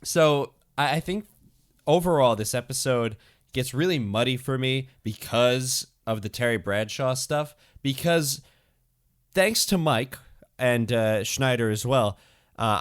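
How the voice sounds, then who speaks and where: A man's voice: mid-range voice, expressive, unhurried. A young man co-hosting a casual podcast, talking through his thoughts in a rambling, hesitant way with many fillers. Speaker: podcast co-host.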